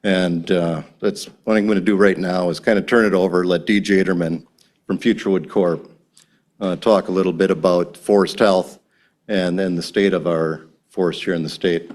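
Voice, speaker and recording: A man with a notably low voice speaks at a county board meeting, earnest and halting. He often restarts his sentences and repeats words as he talks. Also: fairly even intonation, a little mellow. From Wisconsin. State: a little emotional. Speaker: timber company president.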